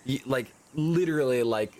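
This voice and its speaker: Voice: mid-range voice, normal speed, mellow. A player in a tabletop game, playful and laughing a lot, joking in casual chat. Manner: playful, laughs a lot, does silly impressions. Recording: faint background noise.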